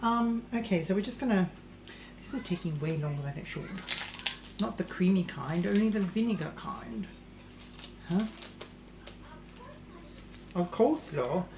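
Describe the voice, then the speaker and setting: A woman's voice: lowish voice, expressive, a little slow, pauses often, reverberant, noisy background. A woman playing a vain, posh English lady cooking in a home kitchen, with a put-on English accent. She talks theatrically and calls everyone darling. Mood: flustered. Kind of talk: live-streamed comedy cooking show in character.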